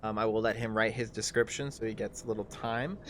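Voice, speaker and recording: A man narrating as game master in a live tabletop game, loose and halting with lots of fillers. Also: lowish voice, fairly even intonation, slight background noise.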